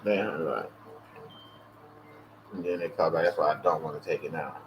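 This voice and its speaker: A man's voice: very deep voice, normal speed, highs cut off, heavy background noise. A man hosting a casual livestream and chatting loosely with lots of profanity. He tells stories animatedly. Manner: mimics callers in a raised voice. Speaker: livestream host. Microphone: earpiece headset.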